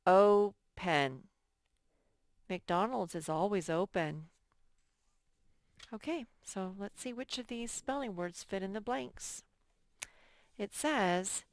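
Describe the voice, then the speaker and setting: Slow, clear-voiced woman teaching spelling. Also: medium pitch, no room sound, studio quality. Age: adult. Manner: slow, sounds out words syllable by syllable. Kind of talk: first-grade spelling lesson.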